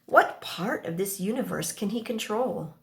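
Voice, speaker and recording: A woman performing a dramatic first-person story aloud, reading slowly and expressively and acting out the dialogue. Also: medium pitch, vocal fry. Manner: slow, expressive, acts out the dialogue.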